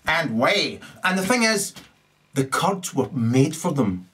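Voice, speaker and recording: A man rants into the camera, swearing freely and tagging nearly every point with a questioning "right?". His voice sits fairly high for a man and leaps sharply up and down as he builds his case. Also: sing-song, slow pace, a bit bright. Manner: ranting, sweary, keeps asking "right?", big swings in pitch. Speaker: video ranter. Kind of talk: angry profane monologue.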